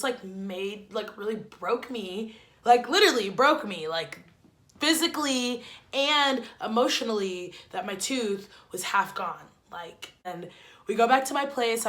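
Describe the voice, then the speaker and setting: A young woman vlogger telling a story-time anecdote in a casual, dramatic way, full of "like.". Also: medium pitch. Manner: animated, dramatic, heavy use of "like".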